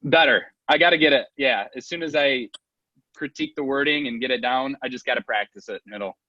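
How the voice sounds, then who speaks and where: A man's voice: mid-range voice, fairly quick, sharp tone, no room sound. A man practicing a sales script on a video call, speaking with confidence and conviction. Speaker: real estate agent practicing a script. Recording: dull, dry video call audio.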